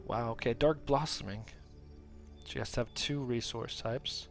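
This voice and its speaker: A man's voice: medium pitch, steady tone, unhurried, soft background music. A man streaming a card game, giving casual commentary and reading card texts aloud. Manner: muttering, reading cards aloud.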